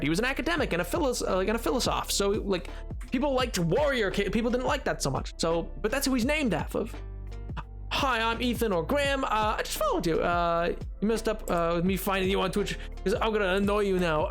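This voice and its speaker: Lively, rambling male game streamer. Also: high-pitched. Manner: rambling, playful, talks to chat. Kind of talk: casual live-stream chatter while gaming.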